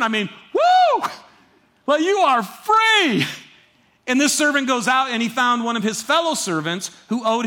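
A man's voice: sits high, pushed and bright. A man preaching a sermon as a pastor, conversational and emphatic, with frequent asides to the congregation.

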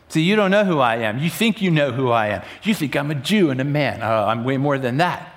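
Male preacher with a slightly high, very lively voice; dramatic sermon delivery that moves from loud to hushed. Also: normal speed, few pauses. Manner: dramatic, swings between loud urgency and hushed emphasis. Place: room with a congregation.

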